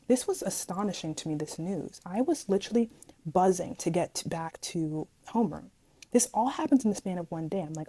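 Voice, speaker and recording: A young female vlogger with a husky, mid-range voice tells her viewers a storytime at a moderate pace, though the audio quality is poor. She's chatty and animated, tossing in dramatic asides and often calling her audience "guys" directly.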